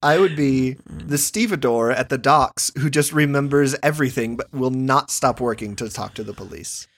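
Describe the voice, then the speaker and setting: A man's voice: mid-range voice, normal speed. Playful man in casual chat. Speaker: podcast co-host.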